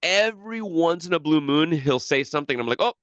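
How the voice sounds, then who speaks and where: A man's voice: fairly high pitch, lively intonation, fast, a bit bright, dry recording, lo-fi sound. A man co-hosting a podcast in casual chat, rambling with lots of restarts and casual swearing. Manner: rambling, profane, many restarts. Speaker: podcast co-host.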